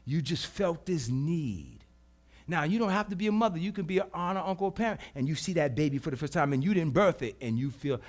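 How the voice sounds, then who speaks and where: Pastor guy preaching, pretty high voice, drops way soft then gets loud and punchy. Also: big pitch swings, moderate pace. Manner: dramatic swings from hushed to loud, emphatic repetition. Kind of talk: sermon. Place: church.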